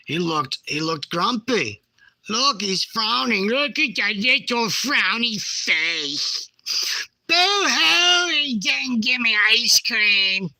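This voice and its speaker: A middle-aged man casually chatting about his field photos, animated, jokey and blunt. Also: mid-range voice, dry recording, rough recording. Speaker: bigfoot researcher.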